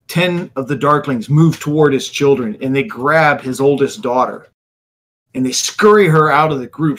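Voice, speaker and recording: Bright-voiced man narrating a tabletop game. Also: mid-range voice, moderate pace. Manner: descriptive, vivid narration with fillers. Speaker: game master.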